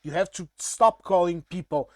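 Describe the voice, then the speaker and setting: A man's voice: sits high, moderate pace, a little mellow, no room sound, studio quality. A man with a Portuguese accent, native in Portuguese, giving a casual, blunt and irritated monologue commentary.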